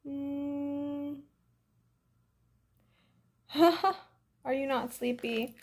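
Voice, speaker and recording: A young woman with a high, somewhat congested voice talks very slowly in a breezy, casual way on a phone livestream. She reads out fan comments, dropping "like" and "literally" all the time.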